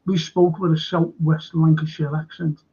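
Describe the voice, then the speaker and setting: Gravelly Scouse man telling local history. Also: a little high, flat delivery, normal speed, mellow. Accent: Liverpool (Scouse). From Liverpool, England. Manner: rambling anecdotal storyteller with frequent fillers. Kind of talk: casual storytelling chat. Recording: dull lo-fi sound.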